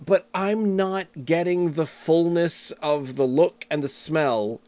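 Middle-aged Canadian man, casual beer-chat co-host, slightly high voice, dry close sound, lively and self-mocking. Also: slow pace, dry recording. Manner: animated, chatty, self-deprecating with vivid comparisons. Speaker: podcast co-host reviewing beers.

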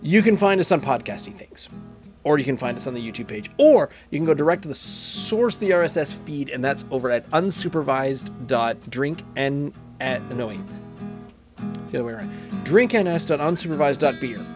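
A man's voice: medium pitch, animated, a little fast, music in the background. A man hosting a casual beer podcast, rambling and joking at himself as he tastes. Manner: rambling, jokey, self-mocking. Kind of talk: casual solo chat while tasting beer.

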